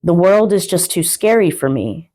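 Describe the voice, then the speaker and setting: A woman's voice: fairly low pitch, sing-song, moderate pace, warm tone. A young adult woman and guest poet, performing a spoken word piece with a rhythmic, rhyming delivery.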